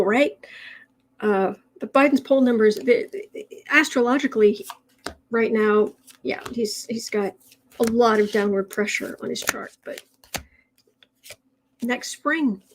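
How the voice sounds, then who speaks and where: Higher-pitched woman, chatty astrology stream host who rambles with restarts. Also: moderate pace, background noise. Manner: chatty, rambling, with frequent restarts and soft laughs. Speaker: tarot and astrology livestream host. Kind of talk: casual livestream chat, reading viewer comments.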